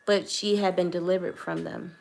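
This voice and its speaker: A woman's voice: lowish voice, steady tone, moderate pace, gravelly, darkish tone. A young woman vlogger telling a personal testimony to camera in an earnest, hesitant way, choosing her words carefully.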